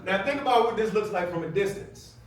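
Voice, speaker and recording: A middle-aged man giving a playful, animated storytelling speech to a live audience, laughing often and acting out shouted quotes. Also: sits high, fast, a loud crowd. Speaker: speaker at an event. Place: event hall with a live audience. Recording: echoey room from far off, noisy.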